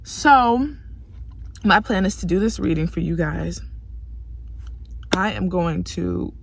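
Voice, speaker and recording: A young woman who reads tarot is venting to her viewers in an exasperated, profanity-laced rant, sounding exhausted as she veers between loud outbursts and quiet, weary muttering. Her voice is gravelly and expressive, her pace slow, with a little background noise behind her.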